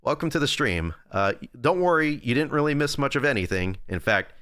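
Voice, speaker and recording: Rambling young man streaming, lively pitch. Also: a little fast, dry recording, clean studio sound. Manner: rambling, self-deprecating, reads and answers chat. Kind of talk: casual livestream chat. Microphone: close desk microphone.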